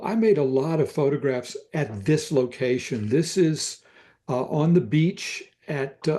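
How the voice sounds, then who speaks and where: An older Southern man talks slowly and reflectively about photographs, stopping often to search for words. His voice is warm and mellow, with a soft, relaxed tone. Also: mid-range voice. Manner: thoughtful, halting with many fillers. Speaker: photographer guest.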